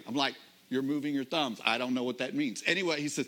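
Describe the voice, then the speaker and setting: A middle-aged man, a pastor, preaching a sermon in a conversational storytelling manner, slowing down to stress key phrases. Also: mid-range voice, bright, forceful tone.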